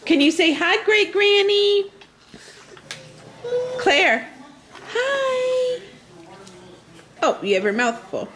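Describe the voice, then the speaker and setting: A woman's voice: very high voice, sing-song, very slow, long pauses, fairly bright tone, a little hiss or hum. A woman filming a home video at snack time, talking to her small children in cooing, sing-song baby talk.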